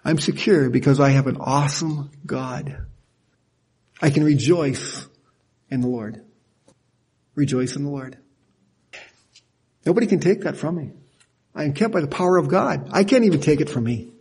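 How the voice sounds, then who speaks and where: An older man preaching a sermon in a folksy, animated way, laughing at himself now and then. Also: a little high, normal speed, long pauses, slightly rough. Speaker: pastor.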